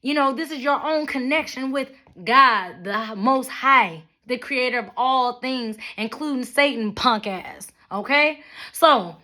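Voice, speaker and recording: A young adult woman vlogging a blunt, profane rant to her viewers, with mocking asides and animated storytelling. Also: sits high, measured pace. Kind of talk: ranting monologue to camera.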